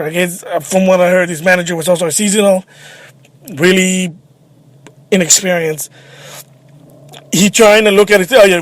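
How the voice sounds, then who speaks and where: A man with a high voice rants to the camera about a bad shopping trip. He talks in an agitated, animated way, restarting sentences as he goes. The sound is dry and close. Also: dry recording. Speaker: vlogger. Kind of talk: casual ranting monologue.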